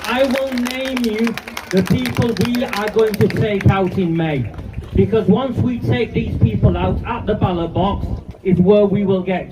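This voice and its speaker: A man, giving an angry, defiant speech at a street protest. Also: sits high. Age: 50s. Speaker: campaigner speaking at a rally. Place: outdoor street rally. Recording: distant, muffled, noisy outdoor recording.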